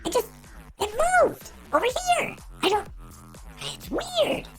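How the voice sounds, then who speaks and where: A man imitating his puzzled four-year-old nephew in a squeaky, wavering childish voice while telling a story on stream. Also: sing-song, takes it slowly, a bit bright, faint music behind, heavily acted. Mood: baffled.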